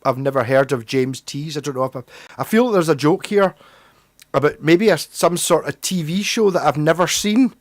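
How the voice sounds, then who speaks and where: A man with a Scottish accent hosts a casual livestream and rambles through stories with restarts and self-deprecating asides. His voice sits a little high for a man, and he sounds a bit tipsy. The sound is dry and close, with no room echo. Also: moderate pace. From Scotland. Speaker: livestream host. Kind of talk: casual chat with chat readers.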